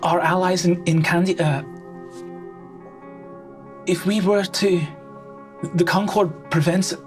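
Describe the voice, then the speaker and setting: A woman's voice: on the low side, fairly even intonation, takes it slowly, a little mellow, faint music behind. A woman voicing a timid sixteen-year-old noble duchess who stammers and sounds breathless and dreamy. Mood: flustered.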